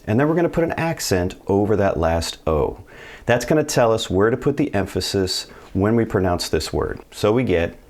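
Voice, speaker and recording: A man with a low voice teaches a video language lesson. He sounds casual and upbeat and walks through each step plainly. His tone is friendly and easygoing. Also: darkish tone. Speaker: Spanish teacher.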